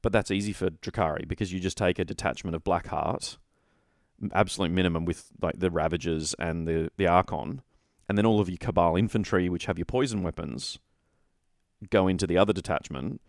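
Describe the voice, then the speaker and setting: A man's voice: sits low, fairly quick, vocal fry, dry recording, clean studio sound. A man co-hosting a casual tabletop wargaming chat, rambling and opinionated, often correcting himself mid-sentence. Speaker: podcast co-host.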